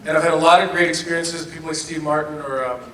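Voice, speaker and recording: Male actor at a convention panel. Higher, bright voice with lively, laughing storytelling. Mic heard from a distance in an echoey hall. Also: fast talker, slight background noise. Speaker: actor answering fan questions.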